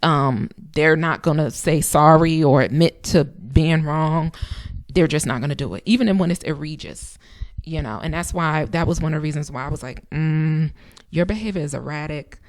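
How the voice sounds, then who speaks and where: A woman's voice: sits low, normal speed, no echo, clean studio sound. A woman in her thirties hosting a channel, giving casual, emphatic advice in a conversational way and repeating phrases for effect. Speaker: channel host.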